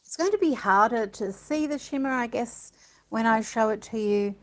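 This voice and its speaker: A woman's voice: on the high side, normal speed, fairly bright tone, low-quality recording. A woman giving a casual art demonstration, chatting and thinking aloud as she works, with delighted little gasps. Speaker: art supplies presenter.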